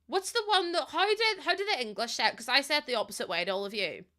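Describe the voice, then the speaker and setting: A woman's voice: high voice, lively intonation, quick pace, pushed and bright. An Irish woman streaming a game and chatting casually, rambling, giggling often and swearing offhand. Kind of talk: casual live-stream chat while playing.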